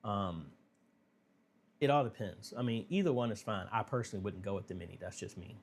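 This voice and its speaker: A man hosting a casual live Q&A, talking through viewer questions in a relaxed, conversational way with plenty of fillers. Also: lowish voice, fast talker, a little hiss or hum. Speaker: livestream Q&A host. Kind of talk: casual livestream Q&A.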